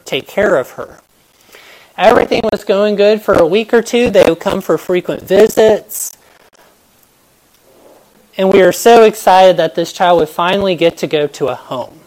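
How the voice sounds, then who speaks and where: A woman's voice: deep voice, darkish tone. A woman giving a devotional Bible talk, telling stories in an earnest, reflective way.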